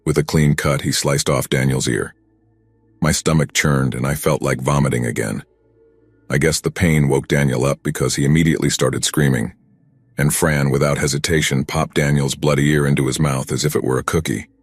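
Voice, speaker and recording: A man narrating a first-person horror story in a steady, grim, scripted telling. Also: a bass voice, moderate pace, slightly rough, dry recording.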